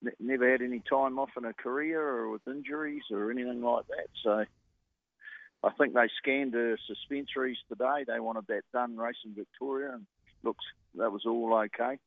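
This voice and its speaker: A man's voice: medium pitch, fairly even intonation, normal speed, vocal fry, no room sound. A man who trains horses, answering a radio interview by phone in short, plain-spoken replies with many fillers. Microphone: telephone. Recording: tinny dry phone line.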